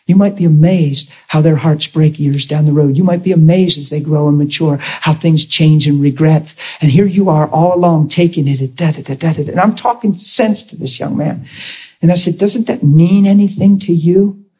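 A man with a somewhat high, breathy voice and muffled highs preaches to a congregation at a normal speed. He tells an emotional story as a sermon, acting out the voices of the people in it.

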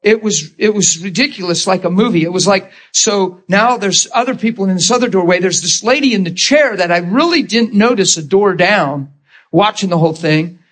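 A male preacher telling a story in a sermon, animated and emotional. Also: high-pitched, normal speed.

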